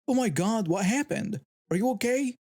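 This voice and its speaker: An anxious, gushing teenage girl, as a man voices her in a storybook tale. The voice goes high and lively over a dark, mellow tone. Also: normal speed, no echo, clean studio sound. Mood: shocked. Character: caring teenage girl, a best friend.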